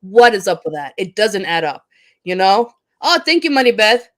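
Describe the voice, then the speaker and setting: A woman's voice: mid-range voice, sing-song, normal speed. A woman teacher speaking in a heated, impassioned discussion, swearing freely and often restarting her sentences as she rants. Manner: heated, profane, ranting; frequent restarts and stumbles. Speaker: teacher and panel guest.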